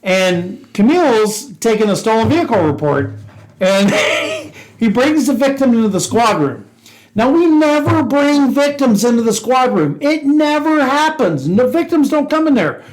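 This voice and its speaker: Guy cohosting a cop podcast, fairly high voice, tells war stories all animated and laughing a lot. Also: unhurried, poor audio. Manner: animated storyteller, laughs often, acts out quotes. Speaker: podcast co-host, former police officer. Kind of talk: casual storytelling chat.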